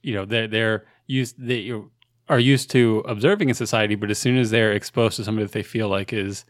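A man's voice: on the low side, fairly even intonation, a little fast, no room sound, studio quality. A man hosting a casual podcast conversation, talking thoughtfully with some rambling restarts. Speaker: podcast host.

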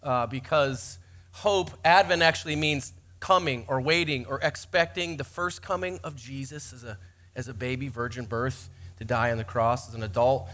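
A man's voice: medium pitch, moderate pace, pushed and bright. A man in his forties, a pastor giving a sermon in church, telling self-mocking, joking stories.

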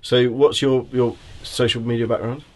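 A man's voice: mid-range voice, little pitch movement, moderate pace. A man with a mid-range voice, hosting a podcast. He talks bluntly and jokingly and swears freely. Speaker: podcast host. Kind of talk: casual chat.

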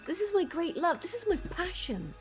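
A woman voicing a brash, fame-hungry journalist who talks with gushing, dramatic excitement. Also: extremely high pitch, a little fast, soft background music, pitched above the performer's own voice, exaggerated voice.

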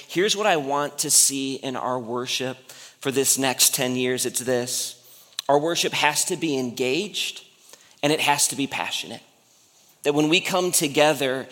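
A pastor man delivers a sermon in a large church hall, his bright, fairly high voice carrying a long reverb. He speaks conversationally and then builds to an impassioned pitch.

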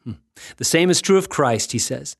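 A man hosting a devotional podcast, talking in an earnest, reflective way with gentle self-mocking humor. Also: fairly high pitch, expressive, normal speed, creaky, slightly rough, no room sound, clean studio sound. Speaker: podcast host and ministry founder. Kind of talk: scripted devotional podcast talk.

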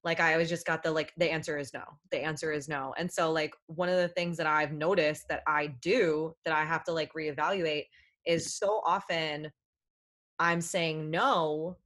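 A mother talking as a podcast guest, animated and full of fillers, questioning her own habits. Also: low-pitched, measured pace. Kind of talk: casual podcast chat.

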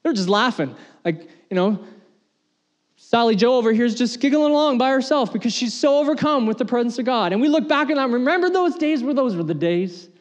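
A man's voice: very high-pitched, a little fast, highs cut off. A man preaching a sermon as pastor, earnest and conversational, repeating phrases as he builds his points. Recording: long hall reverb.

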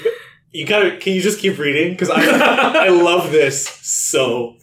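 A podcast co-host chatting casually about a book series, animated and quick to joke. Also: mid-range voice. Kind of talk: casual chat about books. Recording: roomy echo.

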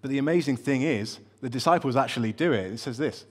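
A man's voice: medium pitch, fast talker, few pauses, darkish tone, breathy edge. A man preaching a sermon in a conversational, storytelling way, with light humor and frequent fillers and restarts.

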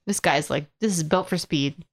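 A woman writing and playing an improvised tabletop story, quick to giggle. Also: low voice. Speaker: writer and player.

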